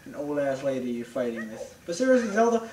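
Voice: medium pitch, fast talker, crowd noise. A young adult player chatting casually and profanely while gaming. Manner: profane, animated, mock voices. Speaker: game player. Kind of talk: casual let's-play banter. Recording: echoey room, distant mic.

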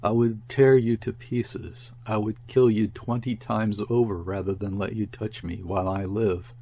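A man's voice: lowish voice, fairly even intonation, measured pace, mellow, slight background noise. A man reading aloud and voicing a desperate young peasant woman who speaks wildly and in terror. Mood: frantic. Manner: wild, frantic pleading.

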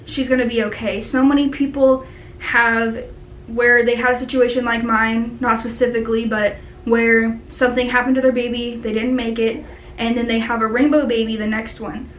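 Young woman, mother, heartfelt vlog talk, higher-pitched, roomy echo. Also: a bit bright, a little hiss or hum. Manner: earnest and heartfelt, with many pauses and fillers. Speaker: mother sharing her baby's story. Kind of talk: personal vlog talking to camera. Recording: echoey room.

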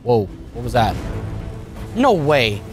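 A man giving excitable, jokey commentary over his gameplay as the channel host. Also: mid-range voice, slow, faint music behind. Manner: excitable, jokey, loud outbursts.

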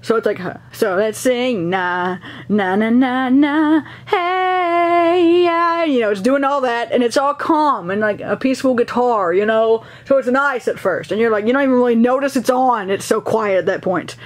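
A young woman vlogger telling stories casually, animated and laughing as she acts out dialogue. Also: a little high, fairly quick, few pauses. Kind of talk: casual storytelling.

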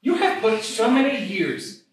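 A woman's voice: a little high, very animated, a little slow. A woman in an improvised comedy scene, doting and gushing, teasing her partner. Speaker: improv performer. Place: comedy club stage. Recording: echoey club, distant mic, faint noise.

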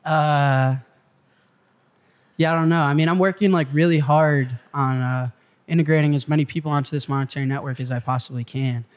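Fast, excitable man telling a story. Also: on the high side, clean tone. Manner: excitable, profane, emphatic. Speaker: interview guest, company CEO. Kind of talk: animated storytelling in a casual interview. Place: Malibu.

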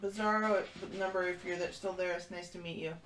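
A woman's voice: lowish voice, fairly even intonation, brisk, a bit bright. A woman hosting a casual livestream, chatting with viewers and cooing to kittens. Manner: chatty, talks to kittens and reads viewer comments. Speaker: livestream host. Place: room with kittens. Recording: roomy, distant mic, faint noise.

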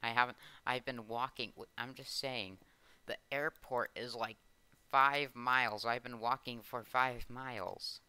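Male gamer, unhurried rambling self-talk, crisp smooth tone, keeps correcting himself. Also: medium pitch, fairly even intonation, pushed and bright, no room sound. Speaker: YouTuber playing a Minecraft roleplay. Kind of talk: casual gameplay roleplay commentary.

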